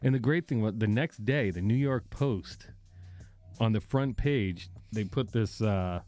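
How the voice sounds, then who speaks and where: A man's voice: fairly low pitch, a little slow, dark tone, soft background music. A man from the area, hosting a casual podcast chat, profane and mocking, laughing often. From Boston area. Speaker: podcast host.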